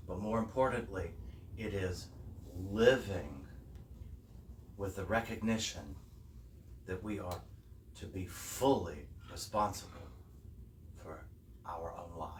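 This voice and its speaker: A man delivers a sermon at an unhurried, deliberate pace, now and then rising to emphatic peaks. His voice is picked up from some way off and rings around a reverberant hall, with a faint room ambience underneath. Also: sits low, distant mic, slight background noise. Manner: slow, reflective preaching with rising emphatic peaks. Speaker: minister. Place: church hall.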